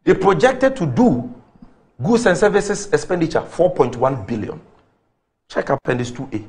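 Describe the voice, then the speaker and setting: A man's voice: a little high, big pitch swings, normal speed, darkish tone. A man with a Ghanaian English accent arguing politics on a talk show, firing off rhetorical questions and figures. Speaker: political commentator.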